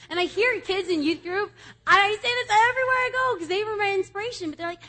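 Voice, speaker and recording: A woman giving an energetic youth sermon in a church service, emphatic and swinging between loud exhortation and quiet confession. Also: very high voice, fast talker. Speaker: youth speaker.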